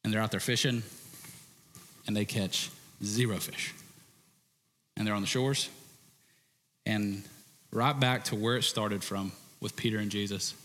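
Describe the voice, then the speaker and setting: A male preacher giving an animated, conversational sermon with frequent restarts. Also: on the low side, unhurried, pauses often. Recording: reverberant hall.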